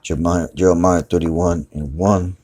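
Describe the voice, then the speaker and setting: A man's voice: sits low, steady tone, normal speed, warm tone. A man teaching scripture in a loose, conversational way, repeating words and often saying "man". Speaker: preacher. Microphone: phone screen recording.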